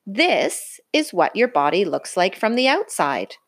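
A woman reading aloud and voicing a brisk, matter-of-fact female bear doctor. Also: medium pitch, sing-song, breathy edge.

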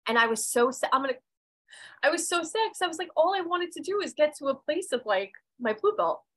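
A woman's voice: high voice, lively intonation, fairly quick, low-quality recording. Blunt, emotional woman telling her story. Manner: emphatic and blunt, swears freely; raw and emotional, voice dropping and rising. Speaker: podcast guest, medium and intuitive. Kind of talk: candid personal storytelling.

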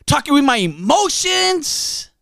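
Gravelly guy hosting his podcast, slow and super passionate, pitch all over the place. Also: big pitch swings, no echo, studio quality. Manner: passionate and emphatic, swinging between loud bursts and low murmurs. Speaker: podcast host. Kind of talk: casual solo podcast talk. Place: podcast studio.

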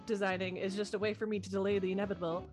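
A woman's voice: medium pitch, flat delivery, rapid-fire, music in the background. A woman, co-hosting a podcast in casual chat, self-mocking and acting out quoted voices. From Canada. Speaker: podcast co-host.

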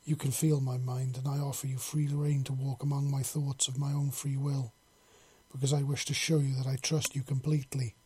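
A man's voice: mid-range voice, level tone, moderate pace, a little mellow, slightly rough, natural voice. A man voicing a devoted young human man who speaks breathlessly in a storybook reading.

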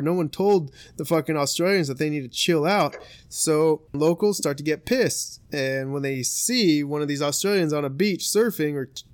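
A man's voice: fairly high pitch, no room sound. Profane laughing young man storyteller. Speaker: podcast host. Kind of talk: casual storytelling chat.

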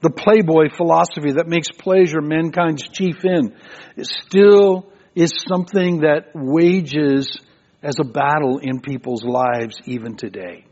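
A man's voice: on the high side, a little slow, a little mellow. An older man preaching a sermon as pastor, telling stories in a conversational way and often repeating words as he goes. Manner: conversational storytelling preacher with frequent repetitions. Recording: muffled, lo-fi sermon recording.

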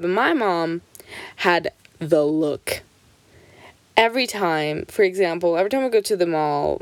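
A young woman shares childhood stories in a relaxed vlog, swearing a lot and saying "like" constantly. She speaks in a mid-range voice, recorded dry, and her animated pacing shifts between quick and drawn-out phrases.

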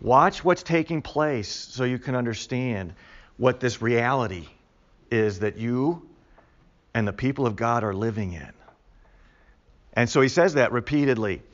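A man's voice: mid-range voice, expressive, unhurried, pauses often, muffled recording. Man teaching a Bible class. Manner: conversational, explains and repeats key words with emphasis. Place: classroom with a live group.

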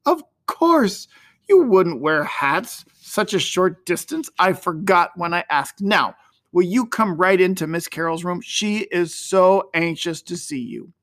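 A man's voice: high voice, lively intonation, a little slow, a bit bright, no room sound. A man reading a storybook and voicing a gracious, kindly wealthy lady who speaks pleasantly to her guests. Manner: pleasant, reassuring.

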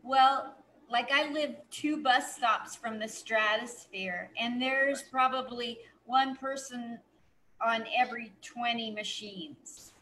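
A woman's voice: on the high side, slow, fairly bright tone, rough recording. A woman hosting a casual comedy podcast interview, reacting with short interjections. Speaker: podcast host.

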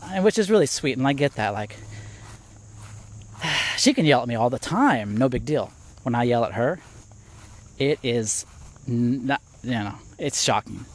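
A man's voice: mid-range voice, expressive, unhurried, pauses often. A middle-aged man hosting a podcast, giving a casual devotional talk while walking outdoors, thinking aloud with restarts. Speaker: podcast host.

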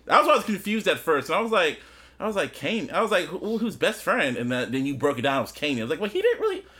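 Brief: male podcast co-host, high and expressive, acts out scenes. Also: fast talker. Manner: animated, acts out scenes in voices, laughs often. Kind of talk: casual chat recapping a TV episode.

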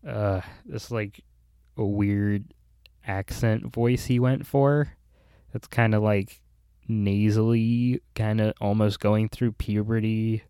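A man's voice: on the low side, steady tone, slow, warm tone, smooth, no room sound. A young man in casual film chat, talking in a dry, critical way and often repeating words as he starts.

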